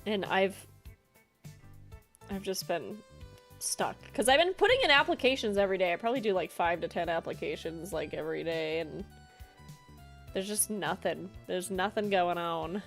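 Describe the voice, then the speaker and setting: A woman's voice: fairly low pitch, expressive, moderate pace, pauses often, faint music behind. Chatty woman streamer, laughing often. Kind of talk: casual gameplay chat.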